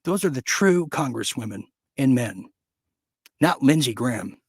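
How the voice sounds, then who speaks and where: A man's voice: mid-range voice, lively intonation, unhurried, husky, dry recording. A man hosting an opinionated news commentary show, reading headlines and breaking off into sarcastic, ranting asides.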